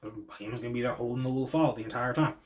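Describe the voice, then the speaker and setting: A man hosting a wrestling reaction show, talking in an excitable, slangy way that swings between hushed and loud. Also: mid-range voice, very fast. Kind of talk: casual reaction commentary.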